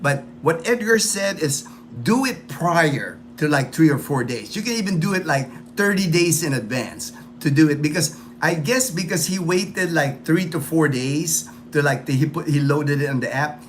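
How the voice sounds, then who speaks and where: A man's voice: fairly high pitch, lively intonation, normal speed, slight background noise. A man hosting a casual livestream chat, rambling and repeating himself with lots of fillers. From United States. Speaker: livestream host.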